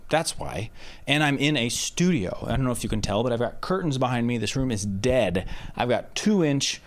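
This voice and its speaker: This man has a medium-pitched, expressive voice and keeps a moderate pace as he lays out, step by step, how he tracks vocals. The music producer's casual tutorial includes loud sung test shouts, captured on a handheld dynamic mic held about a foot off in a curtain- and rock-wool-treated home studio.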